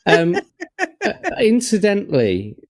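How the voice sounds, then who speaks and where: A man hosting a gamebook stream, recapping the game in a measured way and gently teasing his guest. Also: sits high, wildly swooping pitch. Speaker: host and game runner. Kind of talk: casual chat on a gamebook stream.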